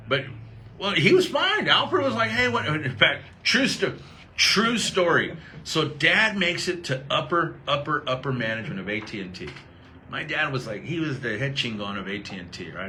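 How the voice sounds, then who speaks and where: A middle-aged man from Texas hosting a show, telling stories in a casual, animated way and acting out quoted voices. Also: medium pitch, slight background noise. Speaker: host. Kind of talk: casual storytelling chat.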